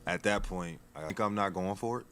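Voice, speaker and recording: A man with a deep, low voice, speaking softly and keeping his remarks brief. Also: fairly quick.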